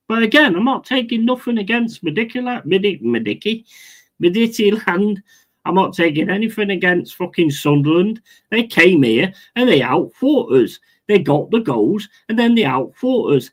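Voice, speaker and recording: This is an angry live-stream rant from a football watch-along host whose voice is high and animated, at a moderate pace. The audio is low quality, and he curses constantly, repeats himself and chats with his viewers.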